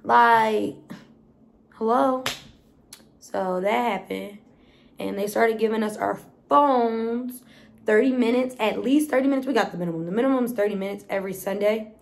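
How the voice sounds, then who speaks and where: A woman's voice: fairly high pitch, moderate pace, gravelly. A woman in her twenties with an American accent, telling stories in a casual, blunt vlog and swearing freely. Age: 20s. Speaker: vlogger.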